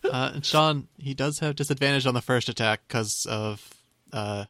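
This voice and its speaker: A man's voice: mid-range voice, moderate pace, a bit bright. A man playing a tabletop game, animatedly narrating what his character does. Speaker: player. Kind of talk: casual tabletop game chat.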